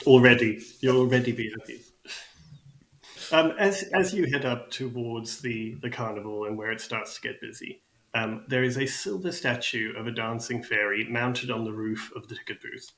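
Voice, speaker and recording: A man running a tabletop game as game master, narrating scenes in a relaxed, descriptive way. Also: medium pitch, moderate pace, roomy sound, a little hiss or hum, low-quality recording.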